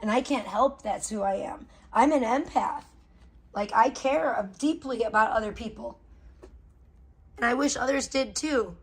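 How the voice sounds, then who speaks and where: A woman's voice: on the high side, unhurried, slightly rough. A middle-aged woman live streamer in casual chat, talking candidly and emotionally to her viewers and swearing freely.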